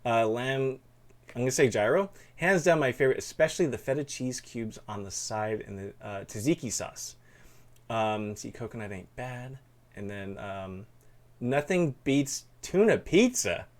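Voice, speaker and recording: A man's voice: mid-range voice, lively intonation, normal speed. A man hosting a live stream, chatting in a rambling, casual way and reading chat aloud. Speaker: streamer host.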